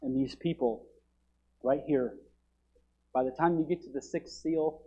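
A pastor preaching a sermon, swinging between loud, urgent declarations and quiet, low asides. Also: male voice, unhurried, slightly rough.

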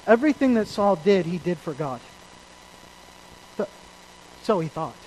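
Male preacher, high voice, emphatic sermon, loud then hushed, faint background noise. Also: very animated, measured pace, rough recording. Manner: emphatic, swings between loud and quiet; asks the congregation questions. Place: church service.

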